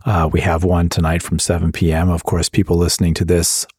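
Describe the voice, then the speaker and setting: A man co-hosting a podcast, relaxed and a bit hesitant, with many fillers. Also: low-pitched, brisk, husky, dry recording, studio quality. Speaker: podcast co-host. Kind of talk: casual podcast chat.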